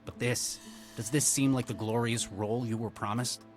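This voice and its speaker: An actor playing a calm, persuasive negotiator doctor with a Texan accent, speaking in measured tones. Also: male voice, mid-range voice, close to an everyday voice. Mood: steady. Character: calm middle-aged male negotiator doctor. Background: game music.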